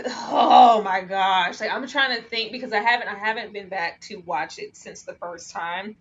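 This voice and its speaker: A woman co-hosting a casual movie review chat, excitable and emphatic, laughing often. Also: medium pitch, normal speed, slightly rough. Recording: dull lo-fi sound with faint noise.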